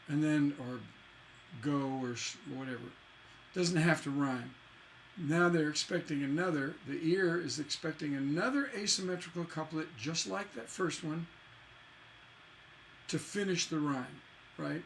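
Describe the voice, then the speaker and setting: A man's voice: on the high side, moderate pace, vocal fry, a little hiss or hum. A man teaching a songwriting lesson in a chatty way, scatting rhythms with "da da da" to show the stresses.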